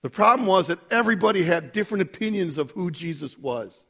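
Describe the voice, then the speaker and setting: Animated, chatty male preacher. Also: high voice, a little fast. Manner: animated, conversational, asks the listeners "right?". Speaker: pastor. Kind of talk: sermon.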